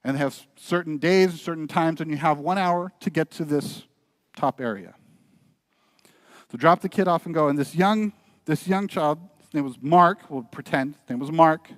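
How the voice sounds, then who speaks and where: A man's voice: on the high side, moderate pace, no echo. A male pastor preaching a sermon, telling a story and urging his listeners earnestly. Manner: storytelling, building to earnest, quieter exhortation. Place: church.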